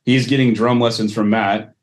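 A man's voice: mid-range voice, steady tone, moderate pace. A man co-hosting a podcast, talking in laid-back casual chat and laughing easily. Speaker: podcast co-host.

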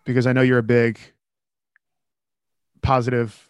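A man's voice: mid-range voice, completely flat delivery, a little slow, clear, resonant tone, dry recording, studio quality. A man co-hosting a podcast, teasing and laid-back in casual chat. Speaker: podcast co-host.

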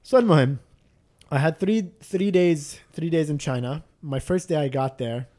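A man's voice: a little high, normal speed, mellow. Rambling, joking man with a raised voice. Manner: rambling storyteller with frequent restarts and fillers; self-deprecating and jokey. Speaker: podcast guest telling a travel story. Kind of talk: casual chat.

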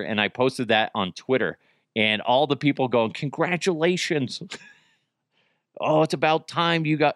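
A man's voice: medium pitch, a bit bright, dry recording. Male podcast host, casual solo chat, crude self-mocking humor, dry sound.

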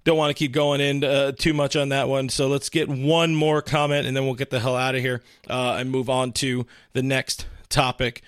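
A man's voice: mid-range voice, flat delivery, normal speed, few pauses, smooth, no room sound, studio quality. A man hosting a casual live stream, reading chat comments aloud and rambling through them with frequent restarts. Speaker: livestream host.

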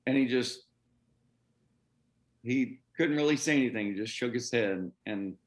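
In an interview, a middle-aged former baseball pitcher tells his story with lively, unhurried energy, his pitch in an ordinary middle range. He's animated, acts out the voices of the people involved, and breaks into laughs.

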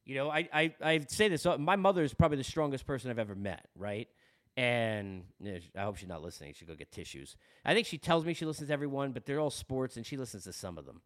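Earnest Long Island man, lively voice. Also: mid-range voice, quick pace. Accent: Long Island New York. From Long Island, New York. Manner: earnest and candid, often repeats words as he talks. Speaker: podcast host. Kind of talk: personal podcast monologue.

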